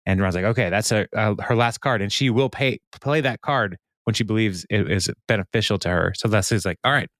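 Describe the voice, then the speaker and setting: A man's voice: fairly low pitch, a little fast, hardly any pauses, fairly bright tone, no room sound, studio quality. Laughing man recapping a TV episode. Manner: laughs often while retelling scenes and quoting characters. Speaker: podcast host recapping a TV episode. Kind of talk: casual chat.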